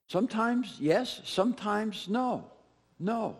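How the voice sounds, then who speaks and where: Animated high-voiced male preacher. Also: a little slow. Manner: conversational, speaks straight to the congregation with repetition. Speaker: pastor. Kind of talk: sermon.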